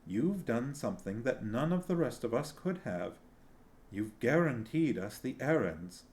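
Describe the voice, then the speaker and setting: A man reading a novel aloud and voicing a wise, motherly sorceress who speaks calmly and gravely. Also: mid-range voice, a little slow. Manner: calm, grave and steady.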